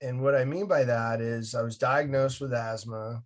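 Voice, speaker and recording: Fifties guy from massachusetts, lively storyteller, middle pitch, upbeat interview guest. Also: moderate pace. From Massachusetts, USA. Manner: animated storyteller, folksy and upbeat.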